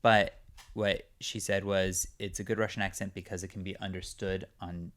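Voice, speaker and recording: A man's voice: low voice, little pitch movement, moderate pace, a bit bright. A young man from California, an actor, chatting as a podcast guest in a rambling way with lots of fillers. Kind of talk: casual interview chat.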